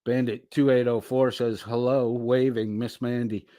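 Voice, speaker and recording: A man's voice: mid-range voice, little pitch movement, warm tone, dry recording, studio quality. A middle-aged man hosting a casual livestream, reading out chat messages and answering them with loose, profane banter. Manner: slow, drawling, profane banter.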